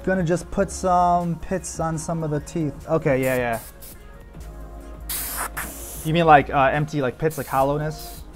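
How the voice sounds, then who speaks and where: A relaxed man talks through his airbrush work in a casual how-to style, with "like" and "man" scattered through his sentences. His voice sits a little on the high side. Soft music plays faintly behind him. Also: measured pace, long pauses. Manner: relaxed, loose, says "like" and "man" a lot. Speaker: airbrush artist. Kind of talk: casual how-to commentary while painting.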